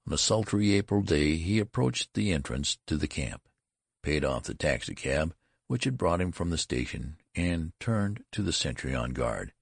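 A male narrator reading a classic story in a measured, expressive way. His voice is extremely deep with a gravelly fry and a husky edge, and the recording is close and dry. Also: no room sound. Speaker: audiobook narrator. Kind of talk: scripted narration.

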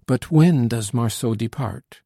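A man's voice: mid-range voice, unhurried, vocal fry, dark tone, no echo, clean studio sound. A man reading an audiobook, voicing a dignified aristocratic father of about fifty who speaks formally and earnestly.

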